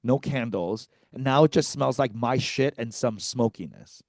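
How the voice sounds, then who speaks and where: A man's voice: mid-range voice, normal speed, a little mellow, dry recording. Man, comedy podcast co-host, profane storyteller, acts out quotes, dry close mic.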